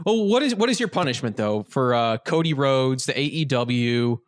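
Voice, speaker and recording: A man's voice: medium pitch, expressive, normal speed. A man hosting a podcast, jokey and steering the chat with questions. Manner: jokey, leads the talk with questions.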